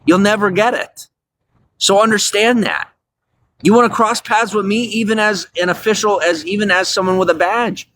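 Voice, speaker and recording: A man's voice: sits high, moderate pace, a bit bright, a little hiss or hum. An angry man in a profane, repetitive rant, talking outdoors at night beside a bus bench. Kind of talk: angry monologue.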